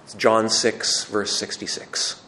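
A man's voice: lowish voice, flat delivery, slow, bright, forceful tone, slight background noise. A man giving a conversational teaching talk to a live audience, asking questions and building to emphatic, raised passages. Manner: frequent restarts and repetitions. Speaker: Catholic teacher or speaker.

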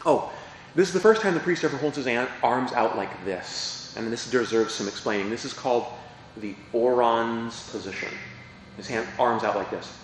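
A man's voice: medium pitch, moderate pace. Male priest, chatty teaching talk, asks questions, big echoey church, faint hiss. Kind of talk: explanatory catechesis talk.

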